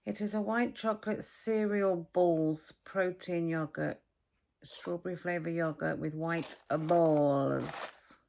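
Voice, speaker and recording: A woman's voice: fairly low pitch, fairly even intonation, slow pace, vocal fry, darkish tone. Middle-aged woman, blunt and chatty, swears freely, casual vlog to camera. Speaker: vlogger.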